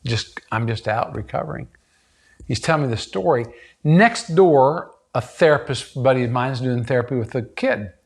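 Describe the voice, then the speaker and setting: Earnest middle-aged man telling a story. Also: moderate pace. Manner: earnest, acts out quoted voices with rising pitch. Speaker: therapist. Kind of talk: conversational storytelling.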